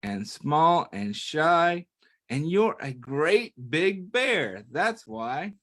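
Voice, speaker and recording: A man voicing a small, shy, lonely boy in a children's picture book read-aloud, soft and pleading. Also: on the high side, very animated, extremely slow, full character voice.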